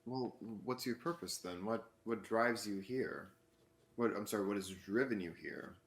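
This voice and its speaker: A man voices a curious human newcomer in a tabletop game, asking hesitant questions. His voice is somewhat low. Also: lightly acted. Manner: halting, inquisitive.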